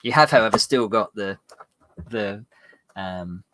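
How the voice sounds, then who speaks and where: A man's voice: fairly low pitch, unhurried, fairly bright tone. A man narrating as game master of a tabletop game, rambling with fillers and restarts.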